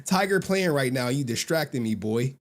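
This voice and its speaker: A blunt, stern old grandfather, as a man puts him on, brushing things off in short, curt lines. His voice swings in pitch. He sounds unimpressed. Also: animated, moderate pace, lightly acted. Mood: dismissive. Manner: curt and dismissive.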